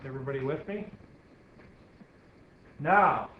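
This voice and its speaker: A man's voice: mid-range voice, lively intonation, unhurried, echoey room. A male math teacher giving a classroom lecture, explaining steps as he draws and asking students questions. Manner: walks students through steps, asks them questions. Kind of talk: classroom lecture while drawing on the board. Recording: dull lo-fi classroom recording with faint hiss.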